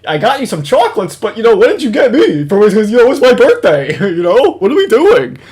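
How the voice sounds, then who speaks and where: A whiny, self-centered grown man, as a man mocks him, pitched well above a normal speaking voice. The delivery is sing-song and loud, full of fake sweetness. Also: huge pitch swings, brisk. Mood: mocking whiny.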